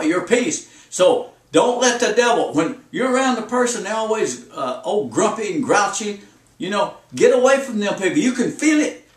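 A man's voice: high voice, roomy sound, distant mic. A man, preaching a folksy, repetitive sermon on joy and driving out devils. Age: 70s.

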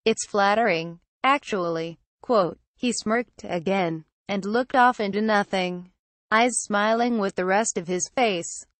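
A woman reading a first-person horror story aloud in a steady storytelling manner. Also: medium pitch, slow, no room sound. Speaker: narrator. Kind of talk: scripted horror story narration.

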